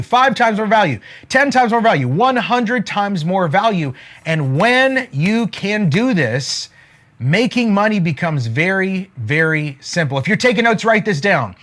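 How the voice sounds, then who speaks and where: A man giving an energetic motivational talk to a live chat, emphatic, repeating his key lines and asking viewers to answer. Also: high voice, normal speed. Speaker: online money-mindset teacher.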